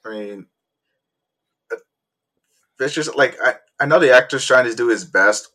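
A man's voice: mid-range voice, moderate pace, pauses often, pushed and bright. A man co-hosting a podcast in casual chat, hesitant and stuttering now and then. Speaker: podcast co-host.

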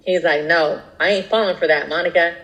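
A woman co-hosting a casual podcast, telling animated stories and acting out quoted voices. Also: fairly low pitch, fairly quick, rough recording. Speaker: podcast co-host. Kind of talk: casual chat, storytelling.

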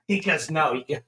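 A middle-aged man co-hosting a casual show, telling a long story in an animated way, swearing and laughing as he goes. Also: on the high side, slight background noise. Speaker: podcast co-host.

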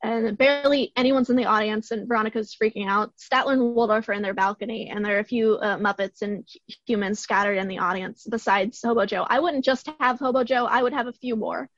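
A young woman with a hoarse, fairly high voice talks through a story in eager, rambling bursts. The sound is dry and dull, like a cheap home mic. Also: steady tone, a little fast, a bit bright, dry recording. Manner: rambling, enthusiastic retelling. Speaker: podcast co-host. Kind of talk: casual chat.

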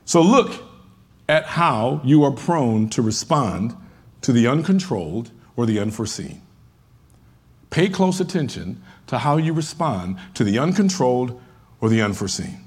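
A man preaching a sermon as a pastor, talking conversationally and acting out the voices of churchgoers, rising at times to emphatic shouts. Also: medium pitch, sing-song, a little slow, slightly rough.

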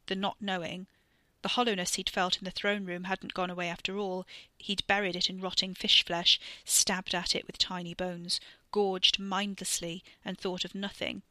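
A woman narrating a serialized audiobook story in a measured, literary way. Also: medium pitch, sharp tone, dry recording. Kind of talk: scripted narration.

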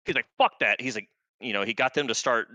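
Veteran male guest, 30s, crisp dry close-mic sound, casual profane storyteller. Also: medium pitch, quick pace, sharp tone, dry recording. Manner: laid-back, profane, rambling with many fillers.

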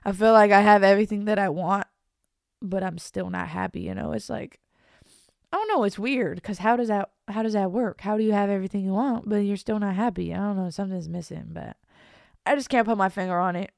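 A young woman hosts her own podcast in a casual, confessional chat, speaking briskly in a gravelly, darkish mid-range voice. She rambles with fillers, keeps restarting, and uses slang like "bro"; the studio-quality recording has no room sound.

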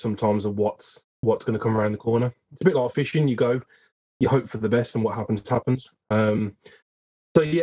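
Earnest Brummie guest with a mid-pitched voice. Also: male voice, a little mellow, low-quality recording. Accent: Birmingham. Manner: earnest, repetitive, storytelling. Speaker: aviation photographer guest. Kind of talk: casual podcast chat.

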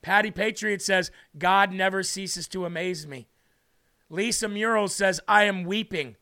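High-voiced man preaching slowly, near tears. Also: pushed and bright. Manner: fervent, slow and emphatic, repeats words for stress. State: tearful, moved. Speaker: livestream host. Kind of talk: impassioned livestream preaching.

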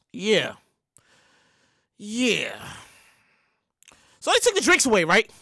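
A woman hosting a show, telling a profane, animated story in a rant that keeps bursting into shouts. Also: mid-range voice, vocal fry, no room sound, studio quality. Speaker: show host.

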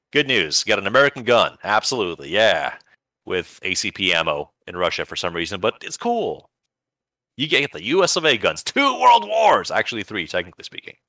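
In a dry recording, a male podcast co-host with a low voice and sharp tone rambles happily about video games. He keeps it casual and enthusiastic, throwing in bursts of playful emphasis.

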